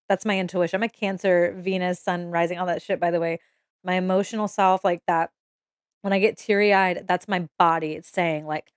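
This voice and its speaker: A woman's voice: on the low side, fairly even intonation, moderate pace, smooth, no room sound, clean studio sound. A young woman giving a casual, emotional tarot reading to camera, swearing freely and checking in with "okay?" as she goes. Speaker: tarot reader.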